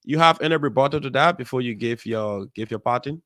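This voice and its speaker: A man hosting a call-in talk show, measured and steady, with many fillers. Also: medium pitch, dry recording. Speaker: host.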